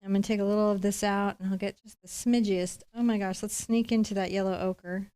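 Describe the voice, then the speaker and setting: A woman's voice: medium pitch, level tone, brisk, warm tone, clear, resonant tone. A middle-aged woman giving a live acrylic painting lesson, chatting playfully while she paints. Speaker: painting instructor.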